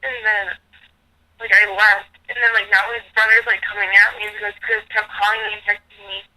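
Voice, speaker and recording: A woman's voice: mid-range voice, flat delivery, normal speed, sharp tone, poor audio. A young woman telling a personal story as a caller seeking advice, rambling and filling nearly every phrase with "like".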